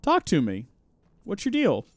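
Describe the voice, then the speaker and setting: A man streams a game live, talking in a lively voice that rises and falls a lot. His chatty, jokey commentary sounds dry and close to the mic. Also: high voice, measured pace, dry recording. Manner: chatty, jokey, reacting out loud. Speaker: host.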